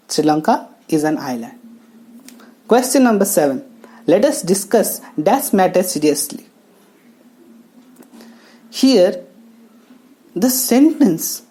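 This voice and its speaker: A woman teaching English grammar, talking slowly and explaining each step with pauses. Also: medium pitch, warm tone. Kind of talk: classroom lesson narration. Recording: faint background music.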